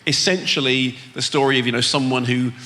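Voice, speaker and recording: A man co-hosting a live show, giving a measured film review. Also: mid-range voice, steady tone, pushed and bright. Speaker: co-host and critic. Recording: reverberant live hall.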